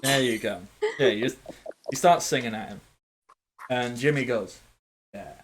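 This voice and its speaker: A man's voice: medium pitch, unhurried, slight background noise. Playful man running a tabletop game. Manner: animated, playful, makes sound effects. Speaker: game master.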